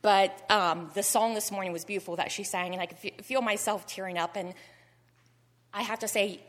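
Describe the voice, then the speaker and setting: A woman's voice: mid-range voice, fairly even intonation, moderate pace, fairly bright tone. A middle-aged woman speaks to a congregation, earnest and heartfelt, sometimes on the edge of tears. Her voice sits in a middle register and carries a long reverb from the church sanctuary. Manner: heartfelt, earnest, gets choked up. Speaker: cancer survivor giving testimony. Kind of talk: personal testimony in church.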